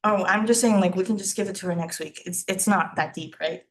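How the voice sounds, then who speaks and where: A woman's voice: on the low side, brisk, rough recording. A young woman student senator speaking casually in a meeting, hedging with lots of "like" and "um". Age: young adult. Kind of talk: meeting discussion.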